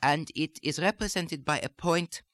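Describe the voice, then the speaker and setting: Measured American dialect coach, dry sound. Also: male voice, a little high, fairly bright tone, no echo. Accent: General American. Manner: measured, explanatory, carefully articulated. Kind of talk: recorded instructional lesson.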